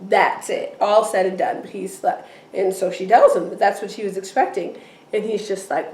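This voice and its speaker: A woman's voice: medium pitch, steady tone, normal speed, a little mellow, recorded from a distance. A woman recapping a TV episode in casual chat, retelling scenes and acting out the characters' lines. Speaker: podcast co-host. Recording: echoey room with faint noise.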